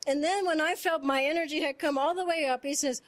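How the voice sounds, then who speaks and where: Woman, high voice, spiritual talk, earnest storytelling, animated, laughs often, repeats phrases. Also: fairly quick. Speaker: satsang speaker.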